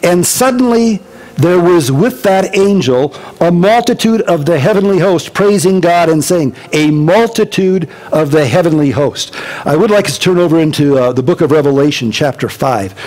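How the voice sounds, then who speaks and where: A male pastor giving a casual Bible-teaching sermon to his congregation, animated and conversational with joking asides. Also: on the high side, moderate pace. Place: church service before a congregation.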